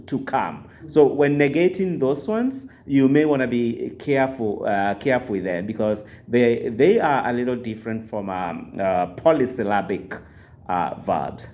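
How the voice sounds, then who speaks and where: A man teaching a lesson over a video call. His voice sits mid-pitch. He is patient, repeats words slowly and fills his pauses with hesitant uhs. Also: expressive, darkish tone. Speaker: Swahili teacher. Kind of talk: online language lesson.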